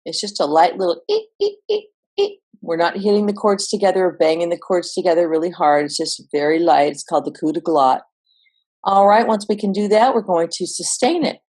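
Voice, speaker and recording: A woman vocal coach explaining singing exercises in a relaxed, instructional way. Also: on the low side, brisk. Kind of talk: instructional voice lesson.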